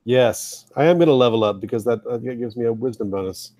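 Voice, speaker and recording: A man playing in a tabletop game, answering quickly and matter-of-factly. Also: mid-range voice, warm tone, dry recording, studio quality. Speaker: player. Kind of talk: casual game table chat.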